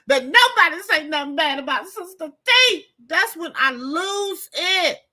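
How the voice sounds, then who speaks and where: Emphatic high-voiced woman streamer. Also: expressive, a little slow, bright, forceful tone. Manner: emphatic, repetitive, addresses viewers as y'all. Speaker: commentary host. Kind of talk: casual livestream commentary. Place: home during a storm.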